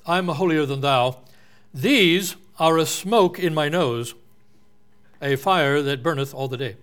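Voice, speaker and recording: A man putting on a haughty, self-righteous man with a mock English accent, speaking in a lofty, drawn-out way. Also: fairly high pitch, fairly bright tone, soft background music. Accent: put-on English.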